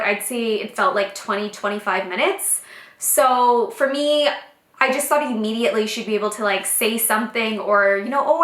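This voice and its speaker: A young pregnant woman vlogging a casual story, emotional and pausing often for deep breaths. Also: sharp tone. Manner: emotional, breathy pauses, many fillers. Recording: echoey room.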